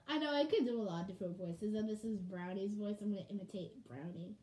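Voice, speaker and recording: A woman vlogging in casual chat to camera at home, bubbly and rambling, and quick to shout with excitement. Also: mid-range voice. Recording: echoey room, faint hum.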